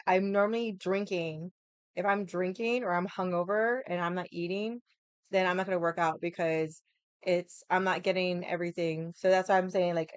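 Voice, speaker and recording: A woman's voice: on the low side, clear, resonant tone, dry recording. A young adult woman hosting a livestream, chatting casually and frankly, swearing freely and filling her talk with "like". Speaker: livestream host. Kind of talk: casual chat.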